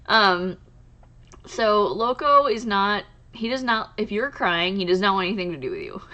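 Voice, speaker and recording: A woman hosting a crochet channel, talking casually to camera in a soft, halting way with many pauses and restarts. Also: medium pitch, gravelly.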